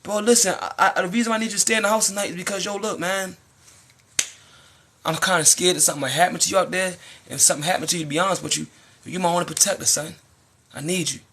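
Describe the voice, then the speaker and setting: Husky high-voiced young man preaching. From United States. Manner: animated, slangy, preachy. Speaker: livestreamer. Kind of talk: casual live-stream monologue.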